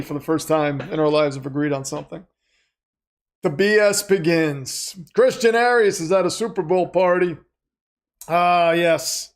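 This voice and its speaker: A man hosts a live stream reacting to a football game, chatting casually, calling plays as they happen, reading viewer comments aloud and drifting off-topic. His voice is fairly high and creaky.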